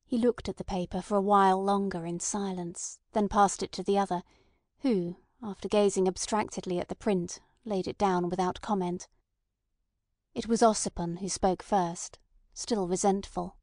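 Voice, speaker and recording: A woman narrating a classic novel in a measured literary reading. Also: mid-range voice, fairly even intonation, a little mellow, no echo, studio quality. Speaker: audiobook narrator. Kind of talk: scripted narration.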